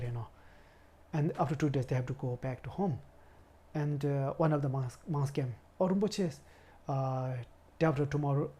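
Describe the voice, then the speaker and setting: A man in his forties from India, a Buddhist lama, telling his life story in a halting way, searching for words and often saying "you know". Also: a little high, dark tone, slightly rough. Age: 40s. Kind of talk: personal storytelling interview.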